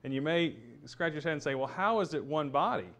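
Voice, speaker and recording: A man's voice: on the high side, fairly quick, a bit bright. A man teaching a Bible study lesson, explaining a passage step by step in a conversational way, thinking aloud with restarts and fillers.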